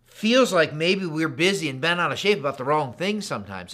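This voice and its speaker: A man's voice: fairly high pitch, a bit bright. A man in his fifties preaching a sermon, telling stories in a conversational way and acting out the dialogue. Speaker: pastor.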